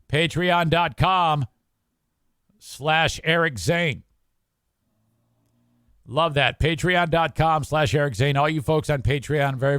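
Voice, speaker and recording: A man's voice: fairly high pitch, fairly bright tone, clear, resonant tone, no room sound, studio quality. A man hosting a podcast, talking bluntly and swearing freely as he reads out comments and does live ad reads. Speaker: podcast host. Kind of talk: casual talk and live ad reads.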